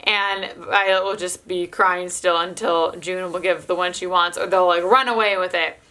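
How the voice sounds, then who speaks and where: A woman's voice: on the low side, steady tone, moderate pace, sharp tone. A young adult woman, a mother of toddlers, chatting casually to camera and filling her speech with "like". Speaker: mother of toddler twins, vlogger.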